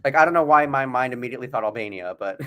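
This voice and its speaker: Playful, animated man co-hosting. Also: medium pitch, very fast. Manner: animated, playful, laughs a lot. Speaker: podcast co-host. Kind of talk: casual chat.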